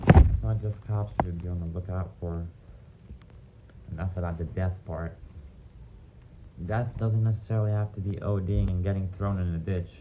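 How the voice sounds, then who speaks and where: A man's voice: on the low side, dark tone, a little hiss or hum. Blunt, profane man telling street stories. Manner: blunt and profane, rambling with asides. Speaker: vlogger sharing recovery stories. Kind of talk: casual storytelling monologue.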